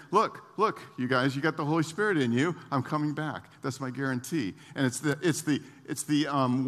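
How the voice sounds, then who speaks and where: Preacher in an echoing hall. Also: male voice, on the high side, fairly bright tone. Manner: conversational preaching with frequent restarts and acted-out quotes. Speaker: pastor. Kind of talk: sermon. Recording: long reverb of a large hall.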